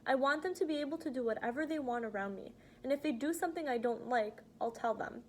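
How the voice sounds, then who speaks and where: A woman reading aloud as an earnest, frank teenage girl who talks softly but insistently. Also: high-pitched, fast, a little hiss or hum, natural voice. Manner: earnest, pleading, soft-spoken. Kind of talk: audiobook reading.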